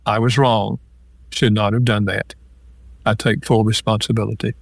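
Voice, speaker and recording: A man's voice: on the low side, level tone, moderate pace, creaky, no room sound. An older man, an author and marriage counselor, answering interview questions and acting out example phrases as he explains. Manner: explains in numbered lists with acted-out example quotes.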